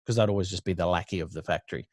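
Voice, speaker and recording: Blunt, profane Australian man, lowish voice. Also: rapid-fire, dry recording. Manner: blunt and profane, laughs often. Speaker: podcast guest. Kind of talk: casual storytelling interview.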